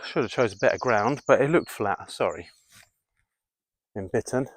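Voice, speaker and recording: A man's voice: lowish voice, lively intonation, unhurried. A man leading an outdoor workout in the woods, coaching viewers through exercises and counting reps aloud. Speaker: fitness vlogger.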